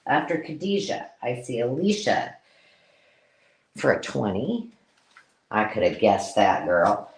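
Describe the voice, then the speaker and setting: A woman hosting a live-stream craft sale, chatty and excitable, counting items aloud as she shows them. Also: a bass voice, takes it slowly, long pauses. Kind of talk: casual live-stream selling chat.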